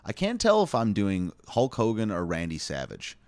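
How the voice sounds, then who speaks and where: Man, low voice, casual live-stream host, wry headline reading, dry close mic. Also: wildly swooping pitch, moderate pace, darkish tone, no echo. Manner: offhand, wry, reads aloud with asides and chuckles.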